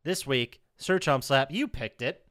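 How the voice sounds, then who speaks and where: A man hosting a casual podcast chat, leading the segments and reading out trivia in an animated way. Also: medium pitch, a little slow, dry recording, clean studio sound. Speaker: podcast host.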